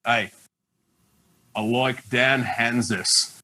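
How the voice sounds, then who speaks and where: A man voicing a laid-back, friendly Australian man he met on a bus, with a slow drawl. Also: mid-range voice, steady tone, pushed and bright, pitched below the performer's own voice, full character voice.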